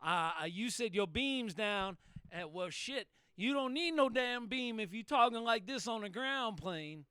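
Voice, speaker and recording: Guy on the cb, high voice, smooth and dry, salty folksy talk. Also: animated, measured pace, pushed and bright, no room sound. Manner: folksy, salty, repeats himself. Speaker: CB radio operator. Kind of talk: CB radio chat.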